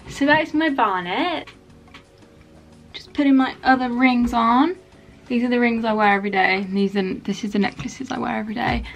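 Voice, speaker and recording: A young woman, chatting frankly to camera in a casual vlog. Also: medium pitch. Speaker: beauty vlogger.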